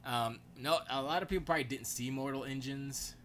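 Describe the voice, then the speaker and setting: A man hosting his own podcast, chatting casually and rambling in a slangy, animated storytelling way. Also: mid-range voice, a little fast, slight background noise. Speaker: podcast host.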